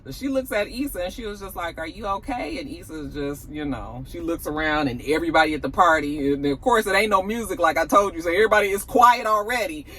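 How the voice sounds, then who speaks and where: A woman's voice: deep voice, quick pace, few pauses, slight background noise. A woman, casually recapping a TV episode for her channel and acting out the characters' lines as she goes. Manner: animated storytelling, acts out characters' lines. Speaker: TV review vlogger. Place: at work on lunch break.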